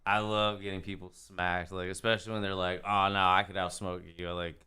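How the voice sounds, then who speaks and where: Casting: low-pitched guest, bright, smooth tone, cocky and laid-back. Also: male voice, little pitch movement, fairly quick. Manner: boastful, laid-back, swears. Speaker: podcast guest, extract maker. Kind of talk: casual chat.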